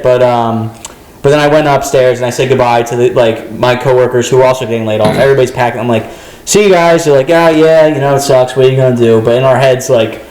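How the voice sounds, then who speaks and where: Fast-talking man telling a story. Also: medium pitch, a little mellow, roomy sound, low-quality recording. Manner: rambling, acts out quoted voices. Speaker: guest comedian. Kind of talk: casual storytelling.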